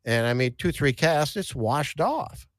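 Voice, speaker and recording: Speaking at a measured pace with lively intonation, a man whose voice sits on the high side hosts a podcast about fishing. He tells casual, folksy stories, frequently restarting and repeating words, recorded in studio quality with no room sound.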